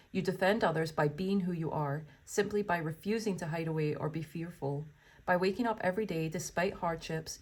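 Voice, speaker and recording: A woman with a somewhat low voice gives a tarot reading. She reads card meanings aloud and then chats to her viewers, full of exclamations and delighted asides. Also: a little mellow. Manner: gushing and exclamatory, full of wows and oh my goshes.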